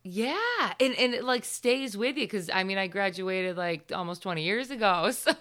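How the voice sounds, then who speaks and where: A woman's voice: mid-range voice, lively intonation, moderate pace, a bit bright. A woman of about forty from upstate New York, with a New York accent, hosting a podcast interview in a chatty, agreeable way and laughing often. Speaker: podcast host. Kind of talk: casual interview chat.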